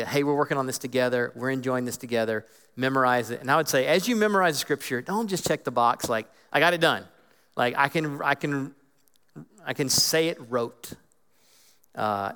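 A man giving an earnest, animated teaching talk about Bible reading, acting out inner voices as he goes. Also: medium pitch. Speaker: guest speaker on Scripture. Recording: long hall reverb.

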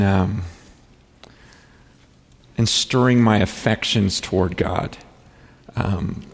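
A man's voice: mid-range voice, big-room sound. A man in his forties giving a sermon as a guest speaker, earnest and emotional, often repeating words as he talks. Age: 40s.

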